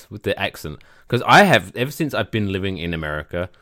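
An English man co-hosting a relaxed sports podcast, with a lowish voice that swings widely in pitch. He jokes and swears casually, and the recording is dry and close. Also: fairly quick, dry recording. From England. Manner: laid-back, joking, swears casually. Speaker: podcast co-host. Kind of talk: casual chat.

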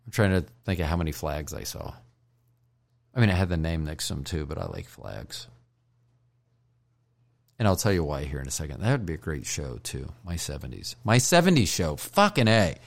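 A man's voice: extremely low pitch, very animated, moderate pace, creaky. A man hosting a solo podcast while stoned, rambling, joking and swearing, with frequent apologies and self-deprecation. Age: older. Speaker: podcast host.

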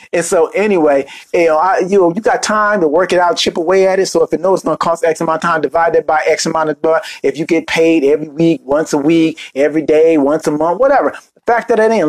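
A man hosting a motivational podcast, talking casually and joking as he tells stories. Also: high voice. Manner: joking, animated storytelling with playful asides. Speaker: podcast host and speaker coach.

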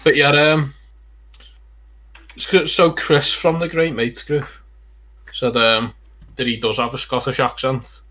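A man's voice: medium pitch, level tone, takes it slowly, pauses often, pushed and bright. Opinionated man from Liverpool. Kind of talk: casual group chat.

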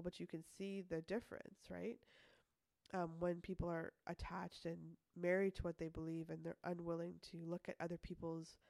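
A woman's voice: fairly low pitch, gravelly, a little mellow, no room sound, clean studio sound. A woman hosting a casual self-help podcast, talking in a chatty way, laughing often and acting out little quoted voices. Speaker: podcast host.

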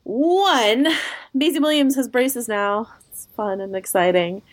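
A woman co-hosting a podcast in casual chat. She sounds bubbly and laughs often, and her pitch jumps up when she gets excited. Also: unhurried. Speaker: podcast co-host.

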